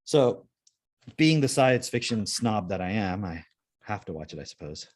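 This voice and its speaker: A man's voice: on the low side, sing-song, moderate pace. Laid-back, rambling male podcast host. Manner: rambling, laid-back, swears freely, many fillers. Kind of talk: casual chat.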